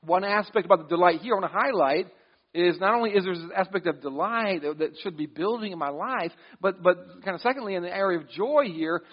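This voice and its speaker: High-voiced pastor preaching conversationally. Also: male voice, fairly quick, breathy edge, highs cut off. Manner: conversational, with restarts and quoted asides. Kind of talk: sermon.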